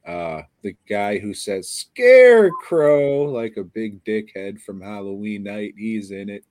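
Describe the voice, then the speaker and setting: Tired, profane low-voiced man. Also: level tone, measured pace, darkish tone, no room sound. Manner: sarcastic, profane, rambling. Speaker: podcast co-host. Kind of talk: casual profane movie review chat.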